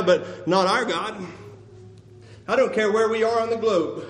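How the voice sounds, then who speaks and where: A man preaching a sermon to a church assembly in a relaxed, conversational way, chuckling often. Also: extremely high pitch, moderate pace. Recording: long reverb of a church hall.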